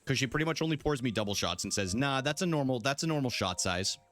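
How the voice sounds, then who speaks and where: A man's voice: mid-range voice, animated, quick pace, a bit bright, soft background music. A young man live-streaming a game, chatting casually with viewers and laughing often.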